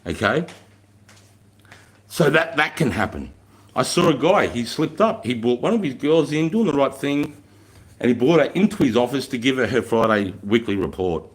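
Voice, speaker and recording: An Australian man in his thirties, mid-pitched, tells army stories bluntly and keeps swearing. His delivery is animated and casual, like chatting on a live stream. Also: normal speed. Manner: blunt, heavily profane, animated storyteller. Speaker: former army recruit instructor.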